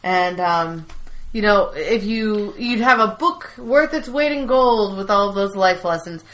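A woman's voice: medium pitch, a little slow, fairly bright tone, poor audio. A woman co-hosting a casual chat, retelling scenes and quoting lines between laughs. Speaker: podcast co-host recapping episodes.

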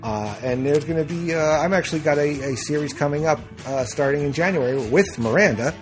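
A man's voice: a little high, brisk, soft background music. A middle-aged man hosting a podcast in casual chat, rambling with lots of fillers and restarts. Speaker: podcast host.

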